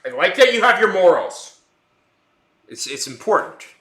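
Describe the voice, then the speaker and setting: A man's voice: high voice, sing-song, normal speed, noisy background. A young man streaming his art and chatting casually to his viewers. He rambles and jokes, often restarting his sentences. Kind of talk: casual chat with a live stream audience. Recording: roomy echo.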